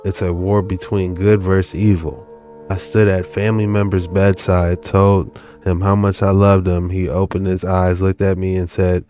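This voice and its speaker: A man speaking earnestly and somberly, reflecting with some halting restarts. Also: sits low, mellow. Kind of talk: casual spoken reflection.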